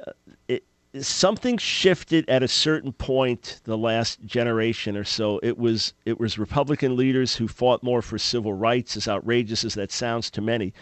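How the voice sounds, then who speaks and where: A man hosting a call-in radio talk show, speaking in an earnest, measured way. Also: medium pitch, no echo. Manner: earnest, measured, thinking aloud.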